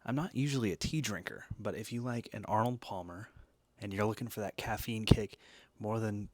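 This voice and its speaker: A man's voice: fairly low pitch, a little fast, dry recording. A man hosting a casual talk, chatty and jokey, full of asides and tag questions. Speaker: host reviewing energy drinks and decks. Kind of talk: casual chat.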